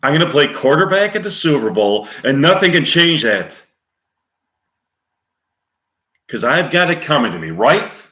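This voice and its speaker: An angry, desperate young football player, as a man puts him on. The voice is loud and pitched well above the man's own. It sounds like an echoey room. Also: sing-song, normal speed.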